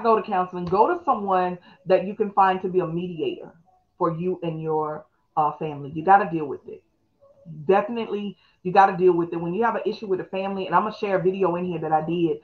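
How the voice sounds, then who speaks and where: A middle-aged woman pastor, teaching fast in a live-streamed talk and calling on her listeners to respond. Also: lowish voice, dull audio. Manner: fast, call-and-response, preacherly.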